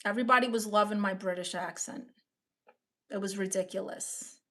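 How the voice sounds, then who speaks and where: A woman's voice: medium pitch, fairly even intonation, moderate pace, fairly bright tone. Playful woman reading her live chat. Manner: playful, reads viewer comments aloud and riffs on them. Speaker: live streamer. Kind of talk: casual live-stream chat.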